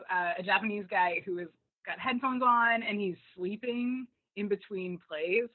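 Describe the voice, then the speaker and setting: Woman, casual recap chat, animated, laughs a lot, tinny phone-like sound. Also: mid-range voice. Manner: animated, laughs often, acts out quotes. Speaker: podcast co-host. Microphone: remote call.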